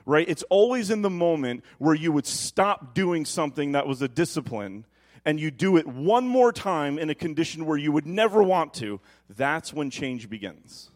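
A man in his thirties preaching a lively sermon in a church, telling stories animatedly and dropping soft and low when quoting God. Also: moderate pace. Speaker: pastor.

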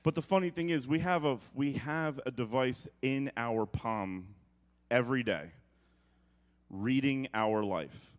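A middle-aged man from New York preaching with humorous storytelling, acting out quotes and sounds with quick jokey asides. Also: mid-range voice. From New York, United States.

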